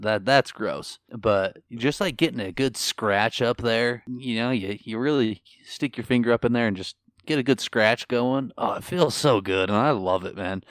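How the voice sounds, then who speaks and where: A man's voice: medium pitch, no echo, studio quality. A man co-hosting a podcast, rambling and gushing with enthusiasm in casual chat. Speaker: podcast co-host.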